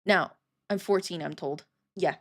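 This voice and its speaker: A woman in her thirties chatting casually on a livestream, telling stories with lots of swearing and quick restarts. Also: lowish voice. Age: 30s. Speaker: streamer.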